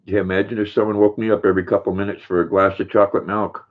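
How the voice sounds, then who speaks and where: A man's voice: fairly low pitch, little pitch movement, rapid-fire. An older man hosting a casual livestream, chatting easily, reading viewer comments aloud and cooing to his dog. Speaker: livestream host. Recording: tinny phone-like sound.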